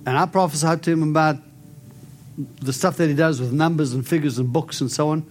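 A man preaching and praying over people in an animated, storytelling way. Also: a little high, a little fast. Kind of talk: prophetic ministry preaching and prayer.

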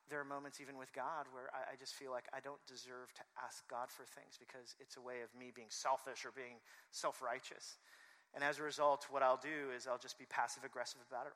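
A man's voice: mid-range voice, fairly even intonation, fairly quick, fairly bright tone, in a large hall. A man preaching a sermon, telling personal stories and acting out the voices he quotes. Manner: storytelling, acts out quoted voices. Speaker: pastor.

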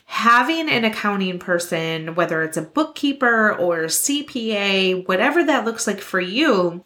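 A woman's voice: medium pitch, fairly bright tone. A young adult woman hosting a podcast, giving earnest, encouraging business advice. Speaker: podcast host. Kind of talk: scripted podcast talk.

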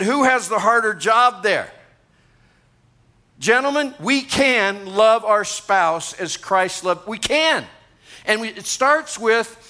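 A man's voice: sits high, sharp tone. A man in his sixties, a pastor, preaching a sermon to a congregation in a conversational way, with asides to the room. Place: church gathering.

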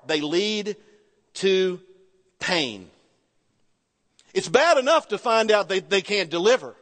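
A man preaching in a lively sermon, his fairly high voice leaping up and down with great variety. He moves from loud, pressing points to hushed, low phrases. The sound rings with a long hall reverb. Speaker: pastor.

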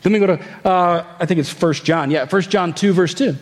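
Male pastor, slightly high voice, conversational sermon delivery with rhetorical questions to the congregation. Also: fairly quick. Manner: reads scripture aloud, then explains it.

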